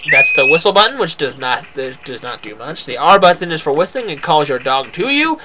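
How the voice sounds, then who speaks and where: A man's voice: fairly high pitch, sing-song, fairly quick, crowd noise. Tired rambling let's play guy. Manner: rambling, self-deprecating, many restarts. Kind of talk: casual game commentary. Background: loud game music.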